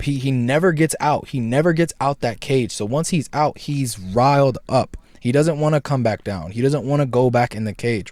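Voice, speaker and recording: Young man, casual commentary, rambling, slangy, mid-pitched voice, dry recording. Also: a little mellow, no room sound. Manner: rambling, slangy, keeps asking "right?". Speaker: video essay host.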